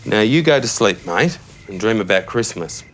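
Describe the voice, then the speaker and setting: A blithely tactless Australian suburban dad talks to his son at bedtime, chummy and breezy, with his pitch swinging up and down. Crickets and hiss sit clearly behind his voice in the night-time bedroom. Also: lively intonation, moderate pace, a bit bright. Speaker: father tucking his son into bed. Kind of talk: TV sketch comedy acting. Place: child's bedroom at night, a TV set.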